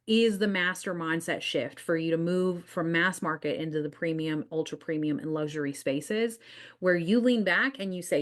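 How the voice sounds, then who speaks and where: A woman with a Southern US accent hosts a marketing podcast in a somewhat low voice. She speaks with confident, emphatic conviction and slips into quoted voices to act out what clients say. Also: moderate pace. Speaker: podcast host, business coach.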